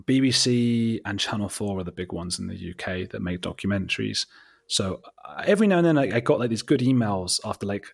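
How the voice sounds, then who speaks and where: An Englishman with a husky, fairly low voice tells his story in a loose, chatty way. He is animated and self-deprecating, and he keeps slipping in quoted asides. His English accent stays plain throughout. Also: fairly quick. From England. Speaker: documentary filmmaker, guest. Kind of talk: casual interview storytelling.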